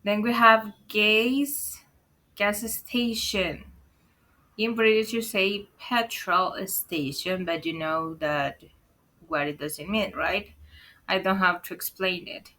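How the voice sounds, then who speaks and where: Bright-voiced woman teaching slang slowly. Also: mid-range voice, fairly even intonation. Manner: explains patiently, asks "right?" often, calls viewers "guys". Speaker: English teacher. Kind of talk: casual online lesson.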